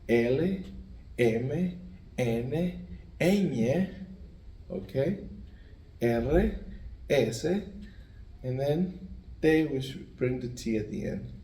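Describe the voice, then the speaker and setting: A man, teaching the alphabet by slowly repeating each letter sound. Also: medium pitch, dark tone. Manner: slow, repetitive letter drilling. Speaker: language teacher. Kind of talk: spelling out the Spanish alphabet. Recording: echoey room, mic at a distance.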